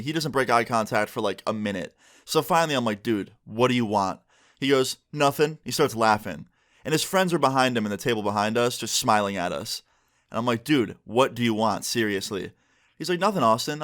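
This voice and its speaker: A man's voice: medium pitch, fairly bright tone. A young man telling a personal story in a casual storytime vlog, chatty and conversational. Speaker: YouTuber and streamer.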